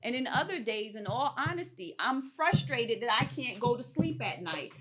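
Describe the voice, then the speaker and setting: Woman co-host, bit high voice, open and emphatic, keeps saying "right?". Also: expressive, normal speed, crowd noise. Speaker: podcast co-host. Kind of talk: candid live panel talk.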